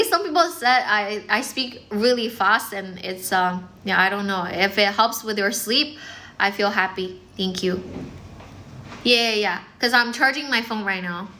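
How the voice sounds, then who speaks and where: A woman English teacher hosting a casual livestream, chatting quickly with viewers and using lots of fillers. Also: mid-range voice, pushed and bright. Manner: fast, chatty, many fillers, mixes in some Chinese. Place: indoors, in front of a decorated background. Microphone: phone.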